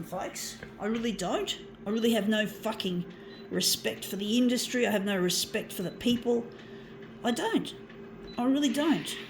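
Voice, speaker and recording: A woman with a medium-pitched voice, heard over slight background noise. An artist vlogger, she rambles casually to viewers while working on her art, swearing often and calling them folks.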